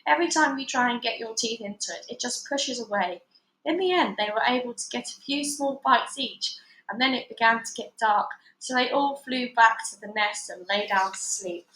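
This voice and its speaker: A woman reads a children's storybook aloud at a fairly high pitch, lifting her voice for the characters' lines. The recording carries a noticeable echo from the room. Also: normal speed. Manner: lively, voices quoted lines with higher, louder pitch. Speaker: storybook reader. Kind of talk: read-aloud storybook narration.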